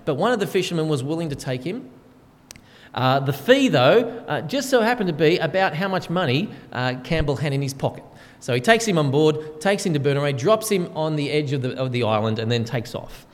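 A man's voice: on the high side, lively intonation, fairly quick. Man preaching in a reverberant hall. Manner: conversational storytelling with frequent fillers. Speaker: pastor. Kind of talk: sermon.

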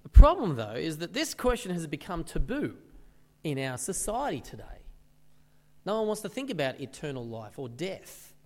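Pastor with an animated high voice. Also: male voice, normal speed, long reverb tail. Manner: conversational, with rhetorical questions. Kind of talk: sermon. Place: church service.

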